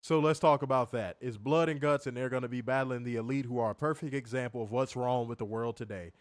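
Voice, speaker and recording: This livestream wrestling reviewer speaks quickly at a medium pitch, reading viewer comments aloud, repeating himself, and swearing in a casual way. The recording is dry and clean, like a studio.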